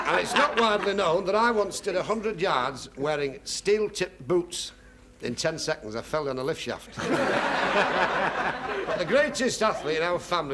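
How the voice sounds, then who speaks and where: A man, a comedian telling a long joke in a dry, deadpan way. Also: fairly high pitch, measured pace, pauses often. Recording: noisy 1970s TV studio recording.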